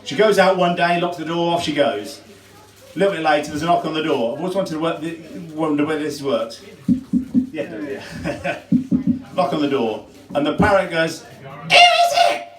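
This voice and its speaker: A man's voice: a little high, normal speed. A man telling jokes on stage at a variety night, chuckling at his own punchlines. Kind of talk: stand-up joke telling. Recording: echoey room from far off.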